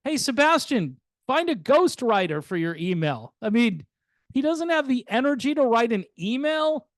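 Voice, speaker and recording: A man's voice: extremely high pitch, sing-song, moderate pace, no echo, studio quality. An older man hosting a music channel, giving casual, rambling commentary in a sardonic, chatty way with plenty of fillers.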